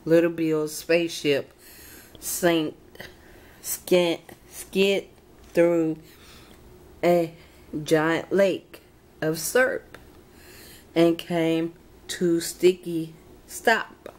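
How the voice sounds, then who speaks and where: A young woman reading a children's storybook aloud, halting and fixing her slips as she goes. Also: lowish voice, flat delivery. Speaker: channel host reading to reborn dolls.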